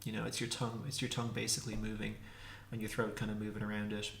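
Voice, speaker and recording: A man teaching a casual pronunciation lesson, repeating consonant sounds slowly to demonstrate them. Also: on the low side, monotone, vocal fry, fairly bright tone, slight background noise. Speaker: language teacher. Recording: echoey room.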